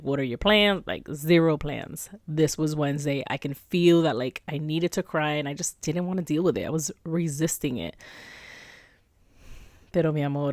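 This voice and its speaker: A woman's voice: low-pitched, no room sound, clean studio sound. A woman hosting a podcast, telling a personal story in a candid, emotional, confessional way, sometimes dropping to a near-whisper. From Puerto Rico. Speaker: podcast host.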